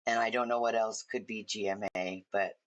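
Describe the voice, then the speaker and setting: A woman's voice: a bass voice, fairly even intonation, a little fast, dull audio. A woman hosting a casual livestream from home, chatting in a rambling, friendly way to viewers while she colors. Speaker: livestream host.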